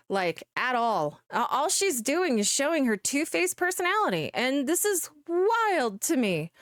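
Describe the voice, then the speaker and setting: A young woman delivers blunt, exasperated, profane reaction commentary as a VTuber host. Her voice sits high and swings widely. The sound is dry and close-miked. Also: dry recording.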